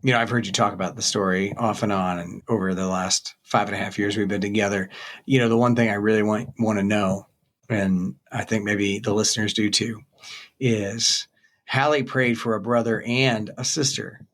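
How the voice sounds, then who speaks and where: A man's voice: lowish voice, steady tone, moderate pace. A man co-hosting a podcast who mostly gives brief, supportive responses in casual chat. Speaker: podcast co-host.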